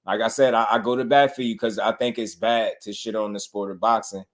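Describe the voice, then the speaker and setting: A man's voice: lowish voice, steady tone, a little fast. Laid-back man hosting a boxing livestream. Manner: laid-back, slangy, greets chat by name. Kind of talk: casual livestream chat.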